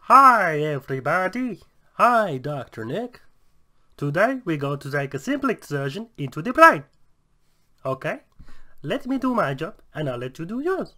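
A man's voice: on the high side, sing-song, normal speed, sharp tone, voice pushed up. A man voicing a chirpy, eager quack doctor in a bubbly, nasal voice.

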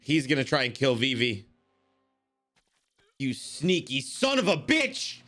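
A man reacting to an anime episode in casual commentary, excitable and swearing, exclaiming at the screen. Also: mid-range voice, takes it slowly, faint music behind.

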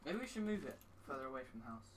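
A man's voice: medium pitch, rapid-fire. A man co-hosting a gaming stream, laid-back and giving short mumbled replies while he snacks. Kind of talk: casual gaming chat. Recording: distant mic with steady background noise.

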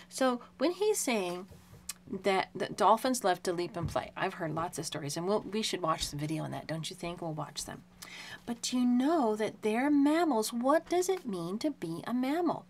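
Homeschooling mom, young adult woman, average pitch, lively questioning read-aloud to a small child, faint background hiss. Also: moderate pace. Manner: animated, questioning, explains simply to a child.

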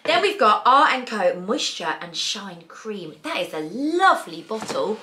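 A woman's voice: mid-range voice, sing-song, unhurried, pushed and bright, slight background noise. A British woman in her thirties, chatting playfully as she unboxes beauty products. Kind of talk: casual chat.

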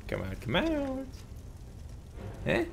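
A man's voice: very high-pitched, huge pitch swings, slow pace, vocal fry, noisy background. A young man casually commentating a live game stream, rambling, joking and swearing freely. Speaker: gaming streamer.

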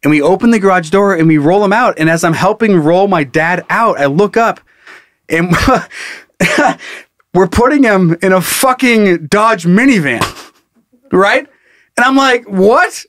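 A man co-hosting a podcast, telling a story in casual chat with lots of swearing and animated asides. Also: sits high, unhurried, no echo, studio quality. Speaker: podcast co-host.

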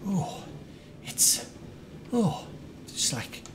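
An excitable, chatty man livestreaming a game, greeting viewers by name. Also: drawn-out words, background noise. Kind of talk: casual live-stream chat. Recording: faint music behind.

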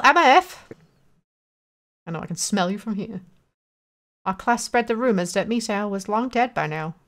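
A woman hosting a let's play, reading game dialogue aloud with crude joking asides and quick mock character voices. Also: medium pitch. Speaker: gaming video host.

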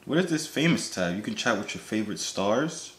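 A man's voice: on the low side, big pitch swings, a little fast, fairly bright tone, echoey room. Young man boasting on a video chat. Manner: joking, boastful, drops into whispers to himself. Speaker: YouTuber host. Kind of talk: casual video chat vlog.

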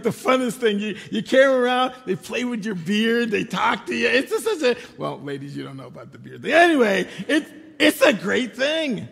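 An older man preaching a sermon, telling personal stories in a relaxed, conversational way with wry humor. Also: sits high, vocal fry. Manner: conversational storytelling with self-deprecating humor. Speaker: pastor. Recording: long hall reverb.

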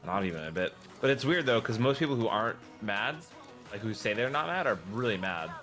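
Low voiced guy, bouncy delivery, bright and punchy, teasing his buddy all mock-serious. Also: expressive, brisk, faint music behind. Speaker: fellow streamer on call. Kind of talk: casual banter.

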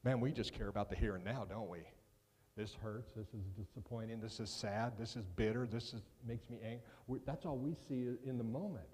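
A man's voice: medium pitch, fairly quick, a little mellow, slightly rough. A male guest preacher delivers a sermon in a mid-range voice, chatty and joking with the congregation. He tends to stumble over the starts of sentences, doubling words before he finds his line. The sound carries a long church-hall reverb. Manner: conversational, joking asides, repeats words when starting sentences. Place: church sanctuary.

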